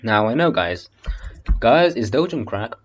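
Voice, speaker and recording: A man's voice: medium pitch, sing-song, measured pace, muffled recording, soft background music. A man reading an audiobook casually in a basement, breaking off for swearing, joking asides. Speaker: audiobook reader.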